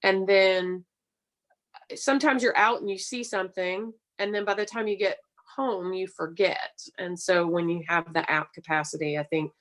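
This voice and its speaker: A woman's voice: mid-range voice, fairly even intonation, moderate pace, a bit bright. A woman on a city council asking conversational questions at a budget hearing.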